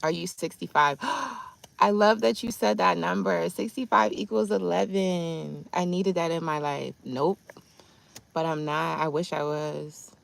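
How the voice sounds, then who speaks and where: A woman's voice: fairly low pitch, unhurried, vocal fry. A woman in her thirties telling a chatty, slangy story to her livestream chat. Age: 30s.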